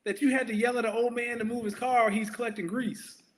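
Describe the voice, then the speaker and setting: A man with a high voice talks in casual podcast chat. His banter is profane and incredulous. A faint hiss sits under his voice. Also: steady tone, fairly quick, fairly bright tone.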